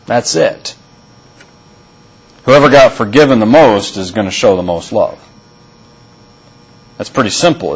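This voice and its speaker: Husky-voiced male pastor preaching. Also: mid-range voice, highs cut off. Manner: deliberate, repeats key phrases for emphasis. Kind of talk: sermon.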